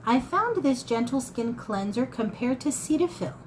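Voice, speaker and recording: A woman's voice: a little high, sing-song, normal speed, low-quality recording. Woman in her fifties, folksy chatty vlogger, thrift haul talk, faint background hiss. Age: 50s. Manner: chatty, folksy, addresses viewers as y'all. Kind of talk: casual haul chat to camera.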